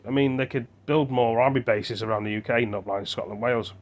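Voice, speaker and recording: A man's voice: mid-range voice, little pitch movement, quick pace, few pauses. A man from Britain talks into his phone in a loose, meandering vlog, thinking aloud as he goes. His voice sits in an ordinary middle register. He stalls on fillers and restarts, then pushes on with the next thought. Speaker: vlogger. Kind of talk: rambling casual monologue to camera.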